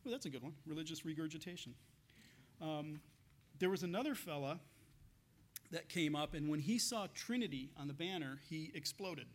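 A man's voice: a little high, expressive, moderate pace. Chatty storytelling preacher, man. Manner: storytelling with frequent laughs and restarts. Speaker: pastor. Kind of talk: conversational sermon.

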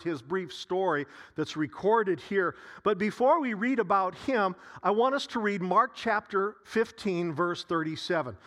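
Male pastor, sermon delivery, high voice, slow and deliberate, repeats key phrases. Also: a bit bright. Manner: slow, repetitive preaching with dramatic pauses and sighs.

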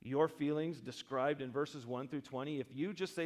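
A man preaching a sermon as pastor, switching between loud emphatic stretches and quiet, slow reflective passages, with humorous asides. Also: fairly high pitch. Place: church sanctuary. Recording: long church reverb.

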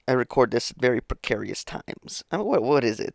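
Rambling, profane man with a gravelly voice. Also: medium pitch, very animated, fairly quick, few pauses, no room sound, clean studio sound. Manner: rambling, profane, self-interrupting. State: sleepy, yawning. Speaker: podcast host. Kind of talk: casual solo podcast monologue.

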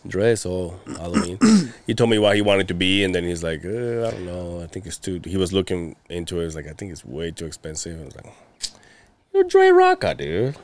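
A man's voice: sits low, animated, fairly quick. A man co-hosting a casual podcast, rambling through stories, swearing and laughing often. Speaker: podcast co-host. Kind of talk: casual chat.

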